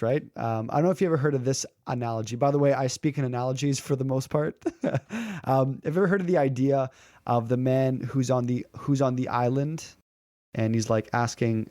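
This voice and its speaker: Lively male storyteller, dry sound. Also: medium pitch, dry recording. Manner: lively storyteller who acts out quoted characters; frequent filler words and restarts. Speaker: public speaking coach. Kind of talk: conversational interview storytelling.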